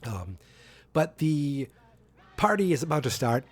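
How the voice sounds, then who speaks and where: A man's voice: on the high side, very animated, a little slow, breathy edge. A man hosting a podcast who gives a casual, rambling recap of a sitcom episode, full of fillers and restarts. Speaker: podcast host.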